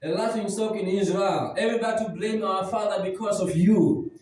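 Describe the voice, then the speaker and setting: A scornful older brother tears into his younger sibling with scolding, belittling words, acted out by a preacher. The voice is very high and mellow, and it rings through a church hall with heavy echo. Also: steady tone, fairly quick, close to an everyday voice. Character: angry, scornful older brother, a grown man. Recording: very echoey church hall, mic at a distance.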